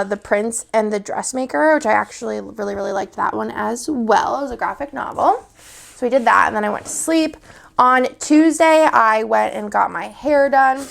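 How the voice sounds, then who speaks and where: A young woman from Texas talks casually while she decorates a planner. Her voice sits fairly high and has a heavy gravelly fry. She rambles through many fillers and restarts, and she sometimes drops to a soft murmur. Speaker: planner vlogger.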